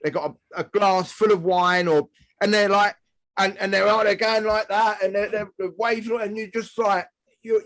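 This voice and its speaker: A man's voice: high-pitched, steady tone, moderate pace, fairly bright tone, poor audio. Hesitant man who repeats words often. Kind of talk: casual podcast chat.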